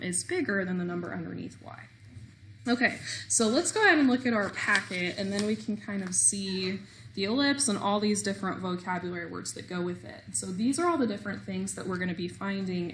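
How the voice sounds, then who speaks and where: A woman's voice: medium pitch, slight background noise. A woman teaching a recorded math lesson, explaining step by step with small self-deprecating jokes.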